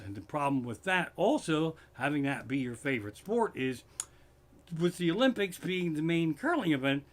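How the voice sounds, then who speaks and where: A man's voice: on the high side, a bit bright. A man doing profane, worked-up stand-up comedy, streamed live from his living room, with a Pennsylvania accent.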